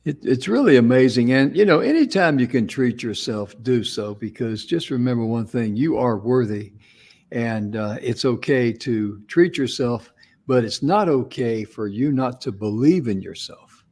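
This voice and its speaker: A man's voice: medium pitch, expressive, normal speed, darkish tone. A man co-hosting a talk show, telling an inspirational story in a folksy, conversational way. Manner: folksy, affirming with frequent mm-hmms. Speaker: co-host.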